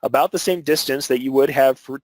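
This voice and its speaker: A man's voice: mid-range voice, brisk, a little mellow, dry recording, low-quality recording. A man teaching an embroidery webinar, explaining technique step by step with filler words and restarts. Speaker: embroidery instructor.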